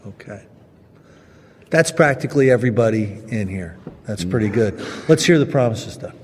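A man's voice: lowish voice, lively intonation, normal speed, slight background noise. A man leading a meeting, speaking plainly and casually to the group. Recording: long reverb in a hall.

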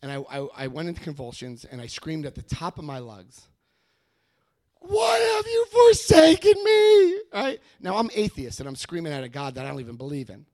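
A man giving a personal testimony at a recovery meeting, telling his story with animated energy and acting out what people said. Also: mid-range voice. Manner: animated storytelling, acts out quoted voices. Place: meeting room before a live audience.

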